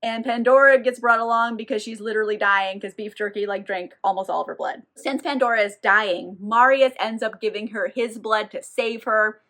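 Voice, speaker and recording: A woman's voice: mid-range voice, normal speed, few pauses, a bit bright. A young woman casually recapping a novel on camera. She talks irreverently, says "like" constantly and laughs often. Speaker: book reviewer.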